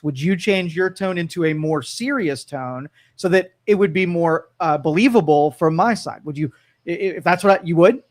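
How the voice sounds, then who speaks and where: A man's voice: a little high, moderate pace. A man hosting a casual talk show, giving advice and asking probing questions, often restarting his sentences. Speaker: host. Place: studio.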